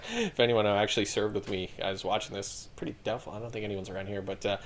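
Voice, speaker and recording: A man in his thirties, a retired infantry soldier telling war stories on a podcast in a casual, profane, animated way with frequent laughter. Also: fairly low pitch, fast, a little hiss or hum. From Canada. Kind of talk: casual storytelling chat.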